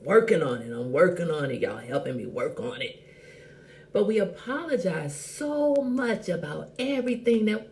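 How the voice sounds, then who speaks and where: A woman hosting a casual live chat show, talking in a sassy, animated and blunt way and greeting viewers by name. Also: mid-range voice, normal speed. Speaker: host.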